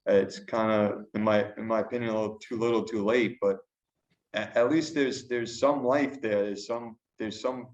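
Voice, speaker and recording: A man's voice: lowish voice, fairly even intonation, moderate pace. A man co-hosting a podcast remotely, talking indignantly and often repeating himself. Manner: indignant, repetitive restarts. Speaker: podcast co-host. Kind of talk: casual chat. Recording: roomy, dull remote line.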